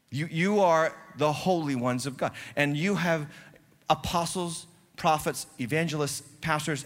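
A man preaching a sermon as pastor in a church, rising to loud emphatic peaks and dropping to quiet teaching. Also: medium pitch, big-room sound. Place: church sanctuary.

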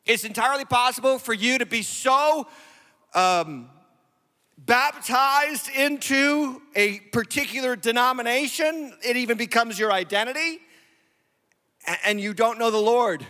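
A man's voice: extremely high pitch, sharp tone, long reverb tail. A male lead pastor giving a sermon to an online audience, emphatic and repeating key phrases for stress. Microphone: streamed online sermon.

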